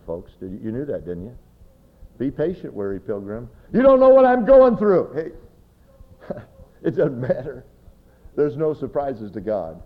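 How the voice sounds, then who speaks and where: A man's voice: fairly low pitch, lo-fi sound. A male pastor preaching a sermon, telling personal stories emphatically and speaking straight to his listeners. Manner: emphatic storytelling, direct address to listeners.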